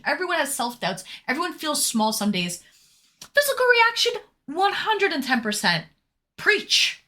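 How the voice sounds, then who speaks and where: A woman streamer with a bright, sharp-edged voice pitched a little high chats casually with her viewers. She reads their messages aloud, teasing them and tossing in the odd swear word. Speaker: live streamer.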